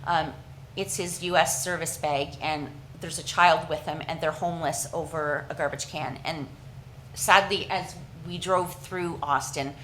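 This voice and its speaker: A woman from Canada giving an earnest, halting presentation at a council meeting, with frequent restarts and fillers. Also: lowish voice, fairly bright tone, slight background noise, rough recording.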